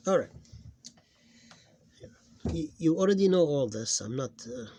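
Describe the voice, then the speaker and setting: A man teaching a phonics lesson, explaining in halting English with restarts and sounding out syllables loudly and slowly. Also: fairly high pitch, lively intonation, slight background noise. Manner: halting, with many restarts and self-corrections. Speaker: Arabic reading teacher.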